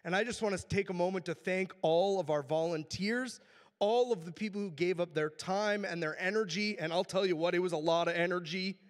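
A man speaks from a church sanctuary with a hoarse, worn-out voice pitched fairly high. His tone is earnest and reverent as he gives announcements and leads prayer. The sound carries a long hall reverb. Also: brisk. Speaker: church leader.

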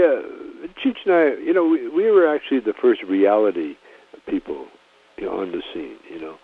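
Over a tinny phone line, a comedian guest gives a casual interview in a low, slightly rough voice. He rambles in a laid-back way, full of restarts and "you know".

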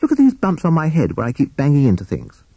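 A man's voice: a little high, wildly swooping pitch, fast talker, warm tone, husky, no echo, pitched above the performer's own voice, exaggerated voice. A man voicing a timid little male toad in a storybook reading, in a plaintive, whiny way. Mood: grumbling. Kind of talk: storybook character voice.

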